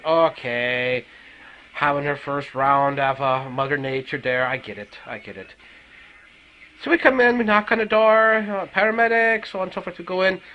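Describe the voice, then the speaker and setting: A man's voice: a little high, slight background noise, rough recording. A man with an Irish accent, a paramedic telling a work story as a profane, swearing rant. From Ireland. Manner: animated, swearing heavily.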